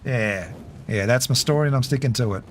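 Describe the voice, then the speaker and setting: A man's voice: medium pitch, brisk, a little hiss or hum. A man with an Australian accent chatting casually with his livestream viewers while playing a game, laughing often. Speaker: game streamer.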